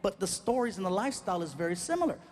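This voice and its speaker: A male stand-up comedian telling a story in an animated way and acting out each exchange. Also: high voice, rapid-fire. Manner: animated, acts out every exchange.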